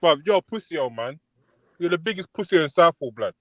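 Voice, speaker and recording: A man's voice: on the high side, expressive, a little fast, fairly bright tone, dry recording. A man on an online call, making threats in heated trash talk and tacking "blood" and "bruv" onto his lines.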